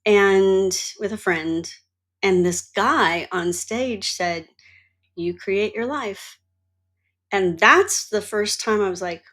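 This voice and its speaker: A woman's voice: medium pitch, slow pace. A middle-aged woman hosting her own show, talking candidly about her life and swearing freely. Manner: candid and animated, swears, acts out her own past reactions. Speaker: podcast host and mentor. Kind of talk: personal monologue.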